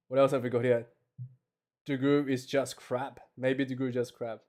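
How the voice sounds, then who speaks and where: A man with a medium-pitched voice streams casual live commentary on a match. He is chatty and full of jokes, and he is prone to loud, incredulous rants.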